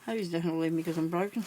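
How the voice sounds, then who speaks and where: A woman's voice: lowish voice, fast, warm tone, a little hiss or hum. A woman vlogging as she crafts, chatting casually and thinking aloud, laughing often at herself.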